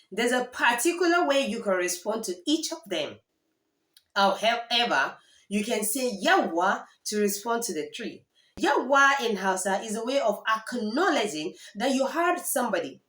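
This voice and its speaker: A woman teaching a spoken language lesson, saying each phrase slowly and repeating it for learners. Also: medium pitch, reverberant.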